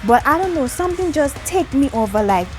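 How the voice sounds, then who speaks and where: High, lively woman telling a story. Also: brisk, faint music behind. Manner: lively, dramatic retelling with acted-out quotes, talks with her hands. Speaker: vlogger. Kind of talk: animated storytelling.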